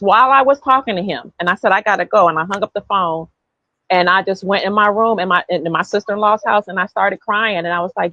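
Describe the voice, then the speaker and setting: A woman's voice: medium pitch, brisk, pushed and bright, dry recording. A woman hosts a casual podcast and tells her story earnestly, circling back over her own words. Her voice is dry and close, and the recording sounds a little dull. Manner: earnest storytelling, repeats herself. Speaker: podcast host.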